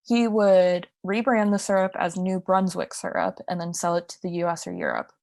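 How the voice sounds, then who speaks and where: A woman's voice: lowish voice, expressive, normal speed, gravelly, darkish tone, no echo, clean studio sound. A young woman co-hosting a podcast, telling a crime story in a casual, chatty way with asides and restarts. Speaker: podcast co-host.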